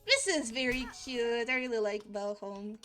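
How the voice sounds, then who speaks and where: A woman live-streaming a video game, chatting casually, giggling, and blurting out exclamations. Her voice sits high, and faint music plays underneath. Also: expressive, normal speed, fairly bright tone.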